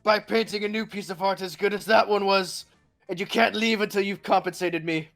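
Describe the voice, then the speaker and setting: A man reading a game's story text aloud in a relaxed chat with friends, swearing and joking between lines. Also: high voice, brisk, vocal fry, soft background music. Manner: swears freely, laughs, plays at scolding. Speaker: game narrator reading event text.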